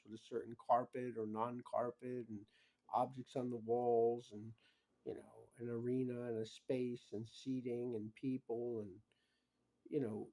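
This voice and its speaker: Rambling man with a mellow voice. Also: mid-range voice. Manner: rambling, peppers speech with "you know" and "bro"; swings between muttering and loud emphatic outbursts. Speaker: vlogger. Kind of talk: rambling casual monologue.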